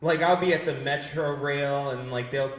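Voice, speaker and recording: A man's voice: medium pitch, fairly even intonation, normal speed, reverberant. A man in his twenties doing a brash, profane stand-up set and riffing with the crowd. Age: 20s. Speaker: stand-up comedian. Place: gallery space used as a comedy stage.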